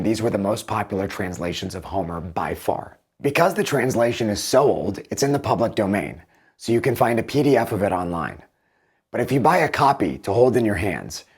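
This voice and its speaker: A man with a low, slightly husky voice talks through literary translations like a patient teacher. His delivery is measured and thoughtful, with lively rises and falls in pitch. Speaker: video host reviewing book translations. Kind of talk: explanatory commentary with read-aloud passages.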